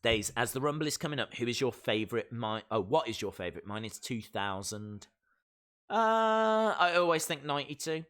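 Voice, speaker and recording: A man hosting a live reaction stream, chatting casually and excitedly to his viewers as he thinks out loud. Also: medium pitch, normal speed.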